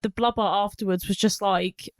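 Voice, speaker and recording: A woman co-hosting a casual film podcast, giggly and animated. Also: medium pitch, normal speed, no echo, clean studio sound. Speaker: podcast co-host. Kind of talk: casual chat.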